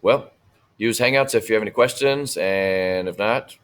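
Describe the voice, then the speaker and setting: A man's voice: on the low side, normal speed, a bit bright. A man teaching a Spanish class, walking students through online activities step by step and checking in with "right?" as he goes. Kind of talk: screen-share lesson walkthrough.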